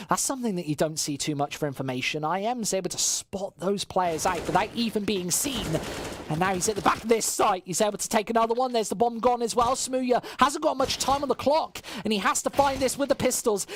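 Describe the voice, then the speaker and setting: A caster giving live play-by-play commentary on a match, rising in bursts of excitement over the big plays. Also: mid-range voice, a little fast, slight background noise. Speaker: esports caster.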